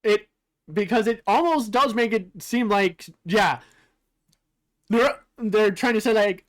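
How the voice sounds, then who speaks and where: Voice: mid-range voice, measured pace, a bit bright. A streamer giving casual game commentary, musing aloud with frequent fillers and the odd curse. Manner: casually profane.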